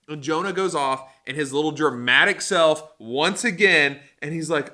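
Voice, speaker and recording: A man giving a casual Bible lesson as a youth pastor, animated and joking, with lots of fillers. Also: medium pitch, normal speed.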